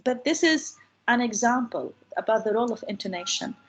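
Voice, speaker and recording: Husky-voiced woman explaining on a video call. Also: fairly high pitch, animated, a little fast, low-quality recording. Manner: explanatory, many fillers and restarts. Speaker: guest speaker. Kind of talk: answering questions in an online talk.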